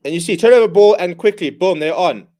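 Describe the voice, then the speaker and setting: A man with a fairly high voice hosts a live rugby watchalong, ranting in exasperation at his own team. He calls the action in short, clipped bursts between complaints. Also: fast talker, dark tone. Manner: exasperated, ranting fan commentary. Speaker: watchalong host. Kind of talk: live match watchalong commentary.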